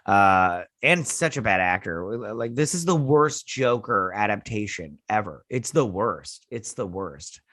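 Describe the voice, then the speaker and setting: Man host, casual sarcastic TV review rant, lively swinging pitch, dry sound. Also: measured pace, hardly any pauses, no room sound. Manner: sarcastic ranting, swearing.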